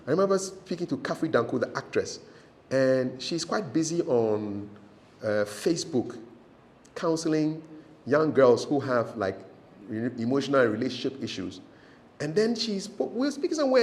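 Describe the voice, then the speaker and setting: A middle-aged man, a TV presenter who gives casual, animated advice on interviewing. He tells stories, repeats phrases for emphasis and laughs often. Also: fairly high pitch. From Ghana.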